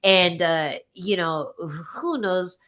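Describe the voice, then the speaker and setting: A woman co-hosting a podcast in laid-back casual chat, slangy and quick to laugh. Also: lowish voice, lively intonation, fairly bright tone. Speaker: co-host, fighter.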